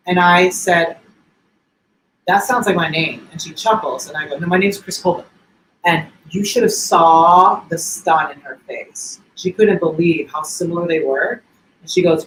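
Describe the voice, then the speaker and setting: A man's voice: a little high, moderate pace, fairly bright tone, a little hiss or hum. A man co-hosting a casual show, telling stories in an effusive, chatty way. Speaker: co-host. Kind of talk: casual livestream chat. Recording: echoey room with faint ambience.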